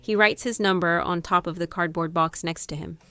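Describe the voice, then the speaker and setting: A woman reads her own novel aloud as an audiobook, in an expressive first-person voice. Her tone sits somewhat low, with faint guitar music underneath. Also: moderate pace, clear, resonant tone. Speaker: author and narrator. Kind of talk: audiobook narration.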